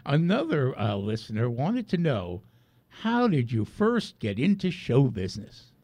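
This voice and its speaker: A man's voice: medium pitch, huge pitch swings, a little slow, a little mellow, no room sound. A man co-hosting a comedic radio show, reading out listener questions with mock outrage and frequent laughter.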